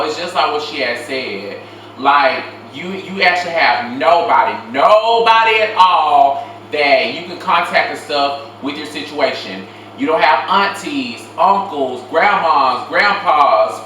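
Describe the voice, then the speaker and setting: Woman host, casual reaction chat, emphatic and chatty, bright forceful tone, recorded from a distance. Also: low voice, animated, measured pace. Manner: chatty, emphatic, lots of filler. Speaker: show host. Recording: echoey room, mic at distance, faint noise.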